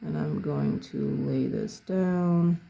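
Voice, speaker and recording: A painting instructor narrating a tutorial in an unhurried way, thinking aloud step by step as they work. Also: mid-range voice, wildly swooping pitch, creaky, mellow, muffled recording.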